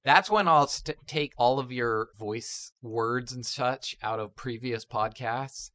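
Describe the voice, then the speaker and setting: A man's voice: medium pitch, slow, sharp tone, no echo, clean studio sound. A man co-hosting a podcast, chatting casually and joking around. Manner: jokey, tells rambling stoner jokes. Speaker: podcast co-host.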